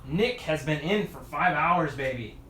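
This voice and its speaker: Chatty man with a slightly high voice. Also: expressive, measured pace, fairly bright tone. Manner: chatty, mutters to himself while working. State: tired after hours of work. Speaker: mountain bike video creator. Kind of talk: casual livestream chat while wrenching. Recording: echoey room with faint noise.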